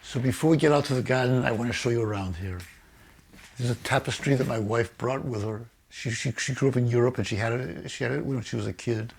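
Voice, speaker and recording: A man's voice: mid-range voice, fast talker, vocal fry, darkish tone, breathy edge. An older man telling stories in a weak, unsteady voice that often stutters and repeats words, his speech affected by Parkinson's. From United States. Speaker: author and publisher. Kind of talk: personal storytelling to camera.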